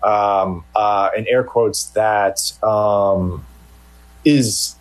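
A man's voice: on the low side, fairly even intonation, very slow, poor audio. A man who is a journalist guest on an interview, answering hesitantly with many restarts.

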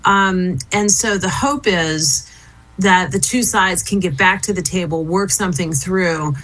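A woman's voice: fairly low pitch, unhurried, a bit bright, rough recording. A middle-aged woman answering interview questions as a guest, thoughtful and conversational, with frequent fillers and restarts. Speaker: interview guest, former business council head and diplomat.

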